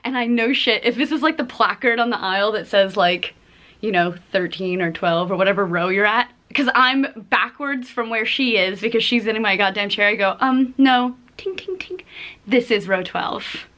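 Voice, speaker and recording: A young adult woman telling a story in a casual vlog, animated and sarcastic, swearing freely. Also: mid-range voice, moderate pace. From from Texas. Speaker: vlogger.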